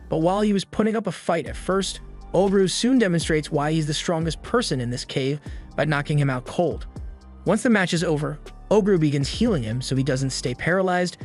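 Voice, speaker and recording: A man giving a scripted, matter-of-fact narration of an anime plot. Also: fairly high pitch. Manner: steady, matter-of-fact storytelling. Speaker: recap narrator.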